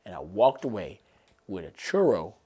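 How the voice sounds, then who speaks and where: A man telling a comedic story on a podcast, animated and profane, swinging between loud and quiet. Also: low-pitched, moderate pace, slightly rough. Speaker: podcast co-host.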